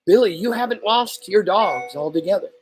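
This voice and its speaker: A man voicing a gentle, comforting mother in a story reading, speaking softly and soothingly. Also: high-pitched, animated, normal speed, breathy edge, no room sound, pitched above the performer's own voice, rough recording. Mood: consoling.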